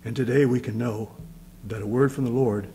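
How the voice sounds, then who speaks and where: A man's voice: medium pitch, fairly even intonation, brisk, warm tone, slight background noise, poor audio. A man with a Midwestern American accent preaching a sermon as pastor, emotional and rising to fervent emphasis.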